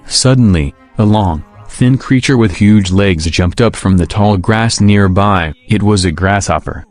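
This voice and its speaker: Low-voiced man narrating a storybook. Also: measured pace, few pauses, a little mellow, no echo, soft background music.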